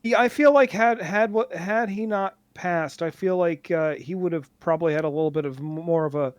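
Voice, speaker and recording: A high-voiced man co-hosts a podcast, trading deadpan jokes in halting bursts full of restarts. The sound is dry and close, with no room around it. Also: smooth, dry recording. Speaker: podcast co-host. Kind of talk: casual podcast banter.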